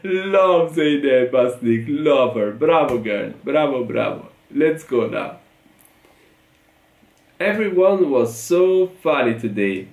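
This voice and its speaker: A man with an Italian accent hosting a reaction video, reading tweets aloud, laughing often and repeating short phrases. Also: medium pitch. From Italy. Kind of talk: reacting to tweets, casual chat. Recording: echoey room.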